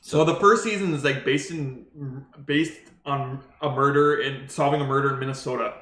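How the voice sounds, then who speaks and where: Bright-voiced young Canadian man, rambling. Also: medium pitch. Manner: rambling, quick, full of restarts. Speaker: podcast co-host. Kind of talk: casual chat. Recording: echoey room.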